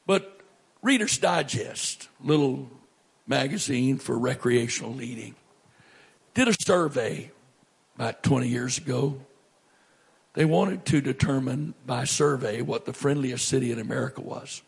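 A middle-aged male pastor preaching a sermon, animated, swinging from loud to hushed. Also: mid-range voice, a little slow, gravelly, breathy edge.

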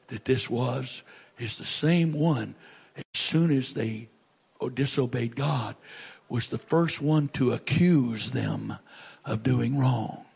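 A male pastor delivers a sermon in a gravelly, husky voice. He speaks slowly and deliberately, rising to booming peaks and dropping to hushed whispers. The voice is rough and fry-laden throughout. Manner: preaching with big swings from booming to hushed whispers.

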